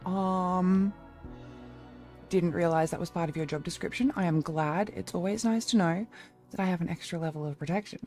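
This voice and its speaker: A woman's voice: on the low side, normal speed, darkish tone, soft background music. A young woman streamer in a casual live-stream chat, rambling along and thanking her viewers by name.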